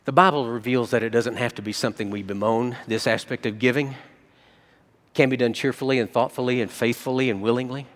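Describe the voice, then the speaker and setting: A man preaching a sermon as a pastor, telling stories and jumping between soft low asides and excited quoted voices. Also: brisk, in a large hall.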